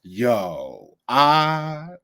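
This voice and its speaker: Young male podcast co-host, casual and slangy, mid-pitched voice, quick to laugh. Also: big pitch swings, sharp tone. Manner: laid-back, slangy, laughs often. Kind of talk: casual chat reviewing a cooking show.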